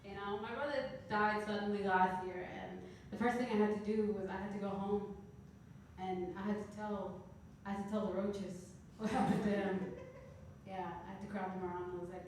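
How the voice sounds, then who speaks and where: A woman in her thirties from Canada doing a stand-up comedy set, telling stories with deadpan, dark punchlines. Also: mid-range voice, normal speed, slight background noise. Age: 30s. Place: comedy club stage. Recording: echoey club room heard from a distance.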